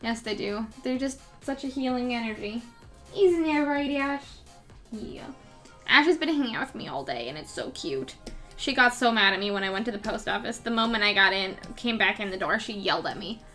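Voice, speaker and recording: A woman's voice: on the high side, lively intonation, a little fast, bright, forceful tone, soft background music. A young woman chatting casually with her viewers and her cat during a live drawing stream.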